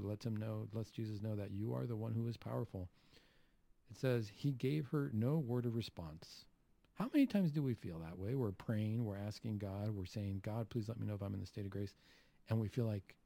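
A man preaching a Catholic homily, asking rhetorical questions and acting out the Gospel quotes with lively emphasis. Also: lowish voice, vocal fry, no echo.

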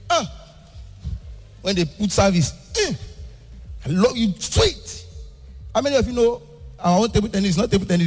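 A young adult Nigerian man from Ibadan performing stand-up comedy, animated, swinging between shouting and a sing-song delivery. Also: high voice, big-room sound.

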